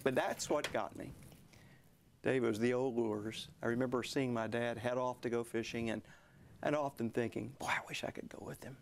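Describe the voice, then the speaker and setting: An older man with a gravelly, creaky voice tells his story with earnest feeling, sometimes sinking to a near whisper. A faint low rumble sits under the recording. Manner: earnest storytelling, drops to hushed tones. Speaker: guest author. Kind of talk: television interview.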